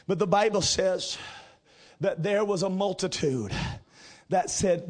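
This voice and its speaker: Husky preacher man, high and shouting. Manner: preaching with rising shouts and drawn-out emphasis. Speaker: pastor. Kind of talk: sermon.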